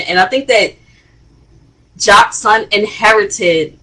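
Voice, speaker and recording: A woman hosting a casual reality TV review, chatty and expressive, with rising exclamations. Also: mid-range voice, a little slow, husky, rough recording. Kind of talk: casual commentary.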